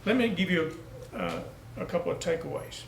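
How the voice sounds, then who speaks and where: A man's voice: sits high, lively intonation, moderate pace, vocal fry, roomy sound, slight background noise, low-quality recording. A male pastor preaching a sermon, telling down-home country stories and building to emphatic peaks. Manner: folksy storytelling preacher, rising to emphatic peaks.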